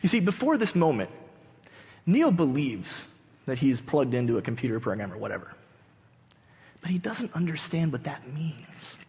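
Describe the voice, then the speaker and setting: A male pastor preaching a sermon in a church, telling a story in an animated way and acting out its characters. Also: on the high side, moderate pace, long pauses. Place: church sanctuary. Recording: long church hall reverb.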